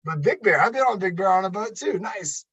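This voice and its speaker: A man's voice: high-pitched, lively intonation, a little fast, fairly bright tone, breathy edge, muffled recording. A man leading a live online exercise class as a fitness coach, upbeat and chatty, counting reps and talking to viewers by name. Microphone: computer webcam.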